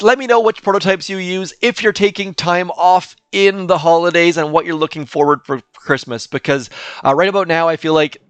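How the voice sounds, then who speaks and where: A man's voice: fairly high pitch, fairly bright tone, clear, resonant tone, dry recording. An older man casually commentating his gameplay as a channel host, chatty and self-deprecating, thinking aloud as he plays.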